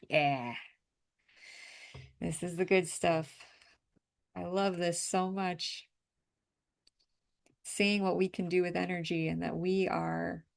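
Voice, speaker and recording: Coaching a group through an energy clearing session, this energy healing facilitator guides listeners in breathing and tapping. Her voice is lowish, and her encouragement is emphatic and outspoken, with the odd swear word.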